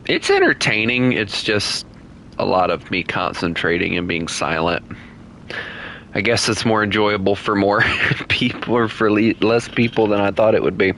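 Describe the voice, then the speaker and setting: A man's voice: on the low side, big pitch swings, moderate pace, fairly bright tone, a little hiss or hum. A man streaming a game, chatting casually with his viewers, teasing them and laughing often. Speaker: gaming streamer. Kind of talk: casual live-stream chat while playing.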